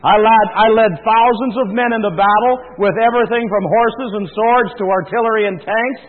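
A man's voice: sits high, steady tone, moderate pace, voice pushed up. A man voicing a tough, proud old war veteran, declaiming boastfully and defiantly. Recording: thin phone-like sound in a reverberant hall with mains hum.

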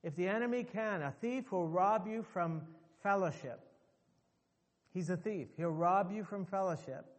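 A man's voice: high voice, unhurried, long reverb tail. A male pastor preaching a sermon emphatically to his congregation, repeating phrases for effect.

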